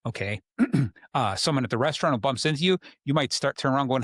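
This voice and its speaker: A man hosting a podcast, explaining relationship advice in an easy, conversational manner at a mid pitch. He slips into short quoted exchanges as he talks. The sound is dry and close, with no room echo. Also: lively intonation, fast, a bit bright. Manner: conversational, acts out quoted people. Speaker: host. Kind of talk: casual advice talk.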